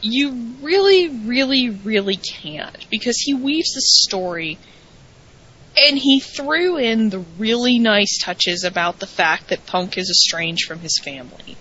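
A woman's voice: on the high side, animated, a little slow, bright, forceful tone. A woman co-hosting a show, chatting casually and with enthusiasm, repeating words for emphasis. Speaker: podcast co-host. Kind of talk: casual wrestling recap chat. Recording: dull lo-fi audio.

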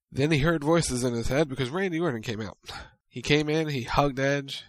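A man co-hosting a casual chat, recapping events in brisk storytelling and playing out quotes. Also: medium pitch, dry recording. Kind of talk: casual recap of a wrestling show.

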